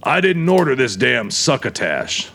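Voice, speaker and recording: A man's voice: mid-range voice, very animated, measured pace, vocal fry, bright, forceful tone, heavily acted. A man doing a surly, defiant aging tough. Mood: defiant grumbling. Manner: defiant, grumbling, indignant. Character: surly aging man, gun-toting warehouse owner. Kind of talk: audiobook character voice.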